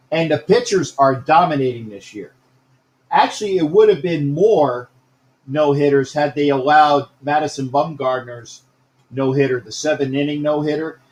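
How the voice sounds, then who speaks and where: A man's voice: medium pitch, roomy sound, low-quality recording. A man hosting a casual live-streamed sports talk show, rambling, repeating himself and greeting viewers by name.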